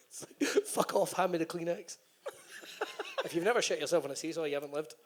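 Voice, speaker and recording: High-voiced host joking on stage. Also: male voice, normal speed. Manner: joking, profane banter. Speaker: podcast host. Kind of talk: hosting a live podcast event. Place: stage at a live event in a brewery.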